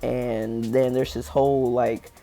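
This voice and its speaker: A man's voice: mid-range voice, little pitch movement, slow pace, dark tone, soft background music. A teenage boy telling a school story in a casual, rambling, slangy way over gameplay. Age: teens. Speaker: gaming channel storyteller.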